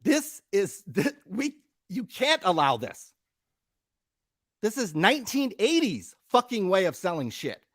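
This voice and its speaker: Fired-up man ranting, lively pitch. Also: a little slow, dry recording, studio quality. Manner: profane, emphatic, worked up. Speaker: podcast co-host. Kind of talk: heated live-stream rant. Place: live show studio.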